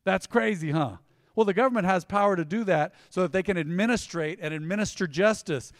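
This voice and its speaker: Male pastor, forties, fairly high voice, preaching in a church with long hall reverb, shifts between fervent and soft. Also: a little fast, studio quality. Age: 40s. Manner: swings from emphatic loud to hushed and tender. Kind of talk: sermon. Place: church sanctuary.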